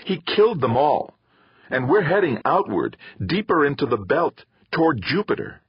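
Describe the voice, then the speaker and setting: A man's voice: on the high side, big pitch swings, normal speed, breathy edge, dry recording, dull audio, pitched above the performer's own voice, full character voice. A man voicing a bitter, stubborn teenage boy who talks back, in a storybook reading. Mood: snapping.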